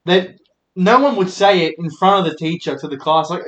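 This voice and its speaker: This is a casual one-man podcast rant from a man in his twenties, who drifts from idea to idea, curses often, and laughs at his own blunders. He speaks at normal speed in a slightly high, slightly bright voice. Holding the mic by hand, he's recorded in a roomy space where the sound bounces around.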